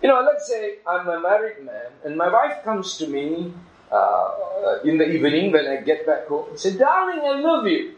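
A man's voice: on the high side, animated, normal speed, roomy sound, lo-fi sound. A man preaching a sermon in an earnest, emphatic manner, illustrating his points with a story.

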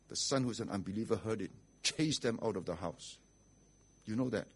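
A man's voice: mid-range voice, animated, normal speed, slightly rough. A man preaching a sermon as pastor, blunt and rhetorical, often asking "okay?" and "right?".

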